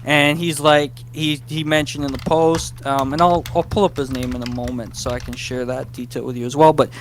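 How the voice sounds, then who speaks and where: A man of middle pitch telling a story as a guest in a casual interview. He is animated and self-deprecating, and he talks about his nerves with a light hum behind him. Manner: animated, acts out his past self in quick bursts. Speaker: guest writer.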